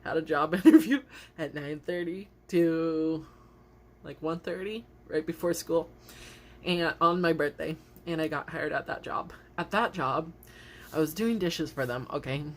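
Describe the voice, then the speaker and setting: A young woman with a low-pitched voice chats to her camera in a loose, rambling vlog. She giggles often and fills her stories with "like". A faint hum of room noise sits behind her. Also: unhurried. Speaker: vlogger. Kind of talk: casual storytelling vlog. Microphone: camera facing her, seen on video.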